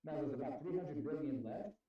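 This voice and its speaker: A man's voice: a little high, fairly quick. Man ranting heatedly from across an echoey room. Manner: heated, profane, emphatic. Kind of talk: political rant. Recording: distant, echoey, dull room sound.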